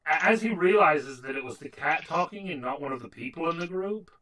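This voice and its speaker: A man running a tabletop game as dungeon master, narrating haltingly with many fillers and restarts. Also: fairly high pitch, lively intonation, sharp tone, slight background noise, poor audio.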